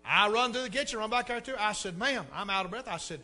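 A middle-aged preacher, telling a story in a folksy, animated way and repeating words for effect. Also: male voice, sits high, fast talker, hardly any pauses. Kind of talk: sermon storytelling.

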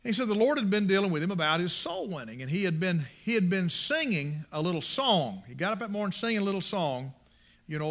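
A man's voice: sits high, very animated, brisk, fairly bright tone. A man preaching a sermon, impassioned and emphatic, repeating his phrases for emphasis.

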